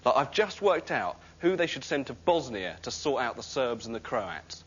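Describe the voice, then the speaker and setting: Wry man with a lively, rambling delivery. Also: mid-range voice, normal speed, slightly rough. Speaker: sketch comedian. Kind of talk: comic monologue before a live audience. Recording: dull recording with loud noise.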